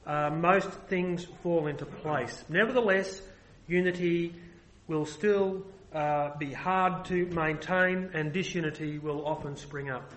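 Male preacher, high-pitched, emphatic sermon delivery with frequent restarts. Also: slow pace, fairly bright tone, rough recording.

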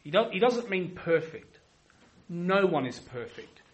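A man preaching a sermon emphatically, repeating himself for weight and swinging from loud to quiet. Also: sits high, animated, unhurried, poor audio. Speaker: pastor.

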